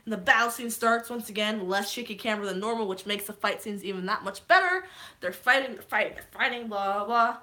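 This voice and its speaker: A young woman with a bright, clear voice talks fast and loose about a movie she loved. She swears freely, says "um" a lot and jumps into quoted lines as she retells scenes. The tone is casual and eager. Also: medium pitch. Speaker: vlogger. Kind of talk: casual spoiler recap.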